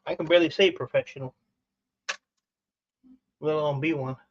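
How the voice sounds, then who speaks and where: A man's voice: fairly high pitch, normal speed, dull audio. A man hosting a casual livestream, chatting as he takes apart electronic scrap and gushing over what he finds. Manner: excitable, gushing exclamations. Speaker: host dismantling e-waste for scrap. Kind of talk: casual livestream chat while working.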